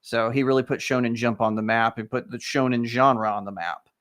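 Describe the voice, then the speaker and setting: A man's voice: medium pitch, fairly even intonation, a bit bright. Chatty man with a Texan accent. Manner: rambling, chatty, quick to laugh. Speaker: livestream co-host. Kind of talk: casual live watch-party chat.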